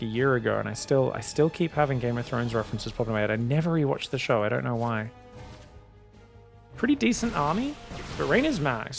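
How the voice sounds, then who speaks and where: A man casting a strategy game match solo, excitable and chatty, often calling out to his viewers. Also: a little high, creaky. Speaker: esports caster.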